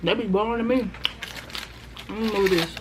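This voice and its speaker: A woman's voice: mid-range voice, normal speed, background noise. A woman food vlogger in casual mukbang chat, talking to viewers between bites.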